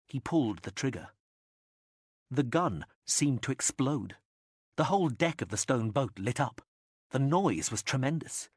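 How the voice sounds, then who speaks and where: A man narrating an audiobook in a lively, expressive reading style. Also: medium pitch, a little slow, slightly rough, dry recording, clean studio sound. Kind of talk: scripted narration.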